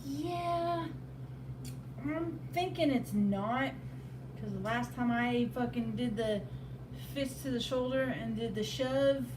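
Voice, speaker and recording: A woman's voice: on the high side, takes it slowly. Rambling, foul-mouthed woman, roomy and distant. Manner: rambling, swears freely, repeats "you know, it's like". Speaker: live stream co-host. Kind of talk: casual chat. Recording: roomy, distant mic, faint background noise.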